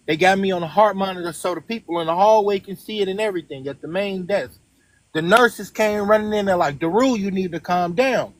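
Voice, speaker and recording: A man with a notably high-pitched voice tells his story as a guest. He speaks earnestly and emphatically and keeps checking in with his listeners. The sound is close and dry. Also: moderate pace, dry recording. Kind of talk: casual storytelling.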